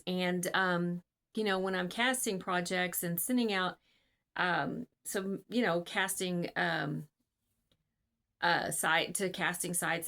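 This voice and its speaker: A woman with a somewhat low voice talks straight to camera as a casting director. She rambles earnestly with plenty of ums and restarts, and she sounds like she is on a video call. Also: fairly bright tone. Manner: rambling, filler-heavy and earnest. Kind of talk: casual advice talk to camera.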